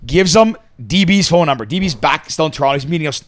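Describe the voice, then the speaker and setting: A man's voice: on the high side, fast talker. A young man co-hosting a podcast, telling a story in casual chat, swearing and acting out what people said. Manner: lively, swearing, acts out quotes. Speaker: podcast co-host.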